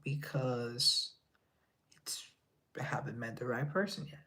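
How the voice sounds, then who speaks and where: Slow-talking man answering live chat. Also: mid-range voice, sharp tone. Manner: reads chat aloud, drops into whispered asides. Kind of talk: casual live-stream chat.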